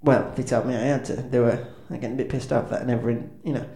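Fast and steady in tone, this man's medium-pitched voice is warm with some vocal fry. He's a band's comedic frontman whose stand-up patter is awkward and self-deprecating, peppered with ums and restarts; the echoey room holds faint ambience.

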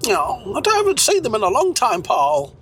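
A man voicing a high-pitched, fussy man who scolds and nags in a shrill voice. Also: huge pitch swings, moderate pace, a bit bright, slight background noise, full character voice. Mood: scolding.

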